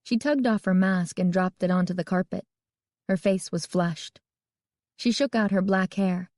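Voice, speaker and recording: A woman's voice: medium pitch, measured pace, a little mellow, no room sound. Woman narrating an audiobook, dry sound. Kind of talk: scripted narration.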